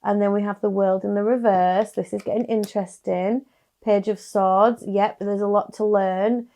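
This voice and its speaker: Gravelly-voiced chatty woman tarot reader. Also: mid-range voice, fairly even intonation, moderate pace. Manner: chatty, soft-spoken, with little sighs and laughs. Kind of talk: casual tarot reading to camera.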